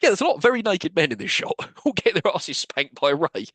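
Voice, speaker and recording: A man's voice: high-pitched, big pitch swings, fast talker, a bit bright, no echo. A man co-hosting a podcast, casually recapping a movie scene by scene, laughing often and swearing freely. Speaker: podcast co-host. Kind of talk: casual film recap chat.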